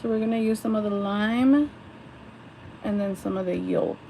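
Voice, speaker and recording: A woman's voice: medium pitch, moderate pace, gravelly, dark tone, a little hiss or hum, poor audio. A young woman chatting casually on a livestream while she does her makeup at home, rambling, laughing often and swearing. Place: home, at a vanity mirror.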